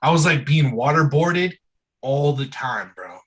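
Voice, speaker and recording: A man's voice: fairly high pitch, very animated, measured pace, a bit bright, slightly rough, low-quality recording. A man as an interview guest in casual, candid conversation, speaking loosely and frankly and often saying "bro" and "dude".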